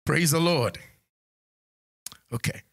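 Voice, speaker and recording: A man preaching a sermon in church as the pastor, scolding his congregation and swinging from low asides to high exclamations. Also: expressive, slow pace, vocal fry, fairly bright tone.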